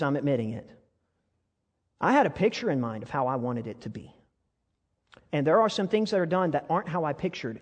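A male pastor preaching a sermon, earnest and building to fervent appeals with many rhetorical questions. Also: fairly high pitch. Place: church hall. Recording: long hall reverb.

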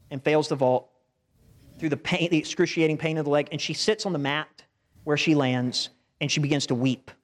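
A man's voice: mid-range voice, long reverb tail. A male pastor preaching a sermon in a conversational style, with asides to the congregation.

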